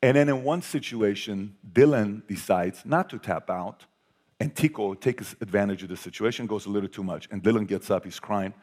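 A man giving a motivational talk to an audience, telling a family story with animated swings from loud to hushed. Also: lowish voice, normal speed. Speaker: speaker.

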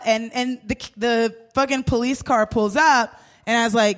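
Woman, comedy co-host, live storytelling, acts out quotes, laughs often, fairly high voice. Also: moderate pace. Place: live stage before an audience.

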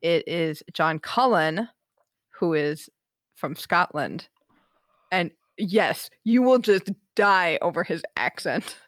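Woman podcast cohost, kinda low voice, chatty and laughy, super dry close mic. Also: animated, slow, no echo. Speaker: podcast co-host. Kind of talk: casual chat.

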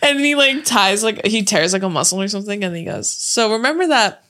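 Young woman podcast cohost, super animated, bright voice, giggles thru her stories. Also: medium pitch, fast talker, slight background noise. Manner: giggly storyteller, quotes cartoon lines in voices. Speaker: podcast co-host. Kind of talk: casual chat.

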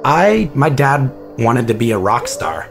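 A man in an interview, recalling a personal story in a reflective, halting manner. His voice sits in an ordinary middle register, and he restarts sentences often as he searches for words. Soft music plays faintly underneath. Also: mid-range voice, very animated, gravelly.

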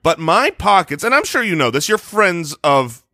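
A man co-hosting a podcast in casual chat, jokey and animated, laughing often. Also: high voice, normal speed, dry recording, studio quality. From United States. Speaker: podcast co-host.

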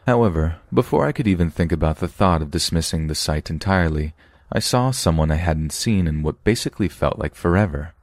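A man narrating true horror stories for a podcast in a steady, measured reading. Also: low-pitched, no room sound, studio quality.

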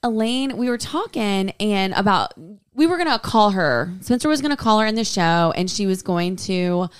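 Animated woman telling a story. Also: mid-range voice, normal speed, clean tone. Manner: animated storyteller, laughs often. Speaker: podcast co-host. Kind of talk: casual chat.

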